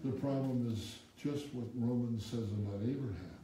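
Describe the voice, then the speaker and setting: A male pastor preaching an animated sermon, reading scripture in old-fashioned wording and prompting the congregation to finish the verses, with wry asides. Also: medium pitch, normal speed, a little hiss or hum. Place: church sanctuary with congregation. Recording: echoey room, speaker far from the mic.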